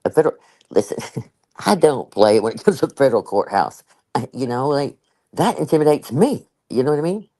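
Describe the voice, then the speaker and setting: Older woman, casual host chat, very lively pitch, emphatic, chatty. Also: brisk, low-quality recording. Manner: chatty and emphatic, laughs often, with many asides. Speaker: live-stream host.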